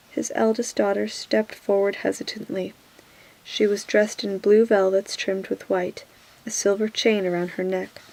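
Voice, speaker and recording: A woman reading a novel aloud in a soft whispered role-play. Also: medium pitch, flat delivery, normal speed, poor audio. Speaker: reader.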